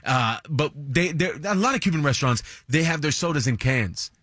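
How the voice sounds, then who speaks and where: A man's voice: a little high, animated, moderate pace, fairly bright tone, no echo. American male morning host, emphatic banter, dry close sound. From United States. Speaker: radio show host. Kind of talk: casual morning show banter.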